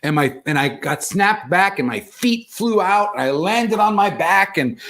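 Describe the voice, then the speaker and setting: A man telling a personal story in casual conversation, animated and self-deprecating. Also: high-pitched, a little slow.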